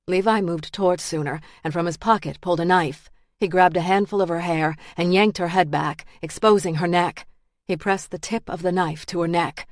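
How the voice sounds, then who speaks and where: A woman reading a dark thriller audiobook in a measured, steady way. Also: fairly low pitch, dry recording, studio quality. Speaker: audiobook narrator. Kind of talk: scripted thriller narration.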